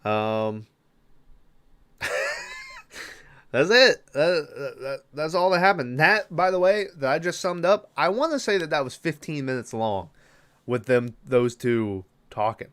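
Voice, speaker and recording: A man's voice: mid-range voice, unhurried, a bit bright, smooth. A man hosting a podcast, giving a rambling, casual movie recap full of fillers and restarts. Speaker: podcast host.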